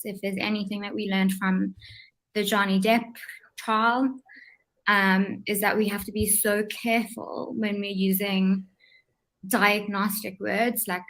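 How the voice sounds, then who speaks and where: A woman from South Africa with a South African accent, a guest in a casual livestream chat, explaining things in a measured way. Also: mid-range voice, little pitch movement, a bit bright, low-quality recording. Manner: measured, explanatory, with filler ums.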